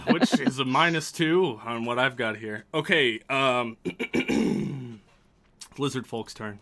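A man's voice: mid-range voice, sing-song, takes it slowly, creaky, long pauses, a bit bright. A man narrating a tabletop game as game master, loose and laughing, with casual swearing.

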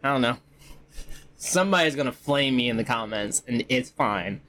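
A man's voice: mid-range voice, animated, normal speed, bright, forceful tone, a little hiss or hum. A man narrating a tabletop game as game master, casual and rambling. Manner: casual, rambling, laughs easily.

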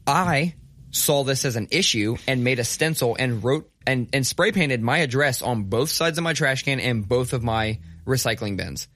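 A man's voice: medium pitch, animated, moderate pace, fairly bright tone. A man co-hosting a podcast, telling a long story in casual chat, swearing a lot and ranting with mock outrage. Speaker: podcast co-host.

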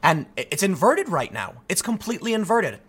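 A young adult man from the United States hosting his own channel, ranting in solo commentary, animated and restless, often restarting his sentences. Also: high voice, brisk, breathy edge.

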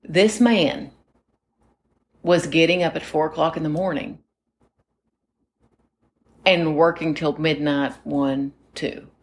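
A woman's voice: low voice, steady tone, slow pace, pauses often, a little hiss or hum. A woman in her forties co-hosting a podcast, telling rambling stories in casual chat and talking straight to her listeners. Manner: rambling, chatty storyteller who talks to listeners directly. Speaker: podcast co-host.

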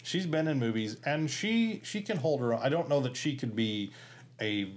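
A man co-hosting a podcast in casual chat, retelling comedy sketches as stories with lively asides. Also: medium pitch, normal speed. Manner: storytelling, animated when retelling sketches. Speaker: podcast co-host.

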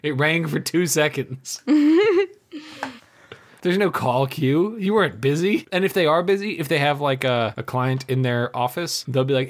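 A man's voice: mid-range voice, normal speed. A man, co-hosting a casual podcast chat, who laughs often and mimics people in his stories. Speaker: podcast co-host.

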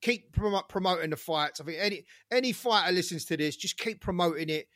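Animated, swearing man, high voice. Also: brisk, dry recording, studio quality. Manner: animated, swearing, shouts when reenacting. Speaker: podcast co-host. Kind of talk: casual chat.

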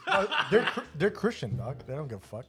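Profane, excitable young man. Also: fairly high pitch, a little fast, soft background music. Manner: swears freely, laughs often, loud bursts of excitement. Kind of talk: casual chat.

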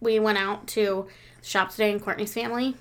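A young adult woman co-hosting a casual podcast chat, rambling with lots of fillers, dropping quiet and then getting loud. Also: medium pitch, fairly even intonation, normal speed, a little hiss or hum. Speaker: podcast co-host.

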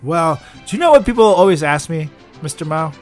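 A man co-hosting a comedic podcast, deadpan and ironic, often trailing off into mumbles. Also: a little high, fairly quick, faint music behind. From Latin America. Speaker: podcast co-host.

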